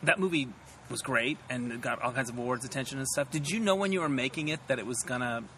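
A man interviewing an actor in a relaxed conversation, mostly giving short affirmations and asking easygoing questions. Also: medium pitch, fast talker, slight background noise, poor audio. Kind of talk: casual interview.

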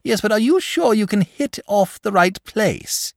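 A timid, fussy dragon, polite and easily flustered, in a storybook reading, as a man puts him on. His voice darts up high and swings widely, and the sound is dry and close. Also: wildly swooping pitch, normal speed, no room sound. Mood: anxious, testy. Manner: nervous, genteel and easily flustered. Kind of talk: storybook reading, voicing characters.

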